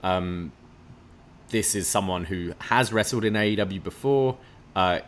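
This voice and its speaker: A man's voice: low-pitched, a little slow, slight background noise. A man co-hosting a live wrestling watch-along, talking casually in a dry, critical, matter-of-fact way. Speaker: livestream co-host.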